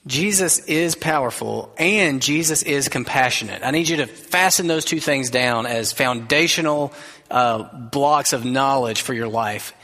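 Male pastor, mid-pitched, earnest conversational preaching, church hall echo. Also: unhurried. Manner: earnest, conversational preaching with soft quoted asides. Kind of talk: sermon. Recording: long reverb of a large hall.

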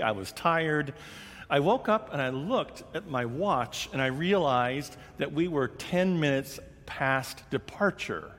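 A man preaching a sermon, telling a personal story in a conversational, animated way and acting out the quoted lines. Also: mid-range voice. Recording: long reverb of a large hall.

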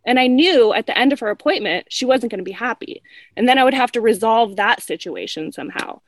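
A woman, a hairstylist guest, telling stories in casual chat, animated and laughing as she acts out quoted lines. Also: a little high, a little fast, dry recording.

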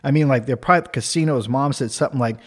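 A man's voice: mid-range voice, rapid-fire, slightly rough. Casual man spinning a comic story. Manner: casual, animated, tag questions.

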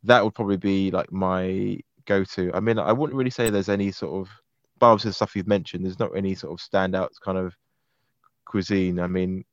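A man's voice: deep voice, fairly even intonation, moderate pace, no echo, muffled recording. A man from London in casual chat, laughing easily and talking with many fillers. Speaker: guest.

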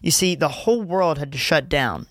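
A young man in his twenties hosts his own faith podcast in a loose, joking way, poking fun at himself as he goes. His voice sits a little high for a man. The sound is close and dry, with no room around it. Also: lively intonation, moderate pace, fairly bright tone, dry recording. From Louisiana. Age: 20s. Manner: jokey, laughing at himself, chatty. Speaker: podcast host. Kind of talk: casual faith podcast monologue.

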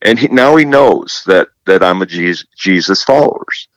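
A man with a rather deep voice tells his stories with energy and plays every quoted line aloud. He repeats himself and often restarts his sentences. The recording is close and dry, with no room sound. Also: moderate pace, dry recording, rough recording. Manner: animated storyteller who acts out quoted dialogue. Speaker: guest, television presenter. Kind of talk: casual faith interview.

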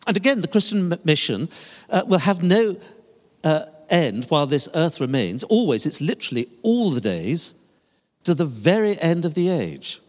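Older pastor preaching in a reverberant church. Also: male voice, on the high side, normal speed. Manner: emphatic preaching with a lively, rising and falling delivery. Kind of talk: sermon. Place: church sanctuary. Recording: long reverb of a large church hall.

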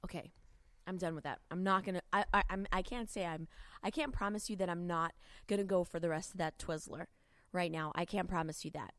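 A woman's voice: lowish voice, a little fast, a bit bright. A woman evangelist hosting a podcast, teaching from the Bible in a casual, filler-heavy way with bits of street slang, at a studio mic. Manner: chatty and informal, with many fillers and street slang. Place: podcast studio with a co-worker present.

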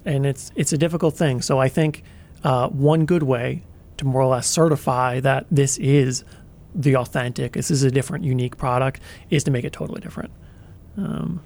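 A man co-hosting a casual chat, explaining in a measured way with some fillers. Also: mid-range voice, gravelly, a little mellow.

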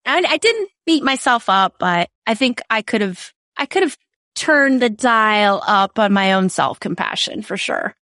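A woman chatting casually on a podcast, telling stories with animated, expressive delivery. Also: medium pitch, unhurried, no room sound, clean studio sound. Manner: animated storyteller, acts out quoted voices. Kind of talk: casual conversation.

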